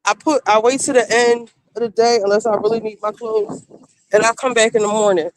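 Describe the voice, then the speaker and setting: A woman streamer telling casual stories in a blunt, animated way, acting out the people she quotes. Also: on the high side, a little fast, a little hiss or hum. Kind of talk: casual storytelling.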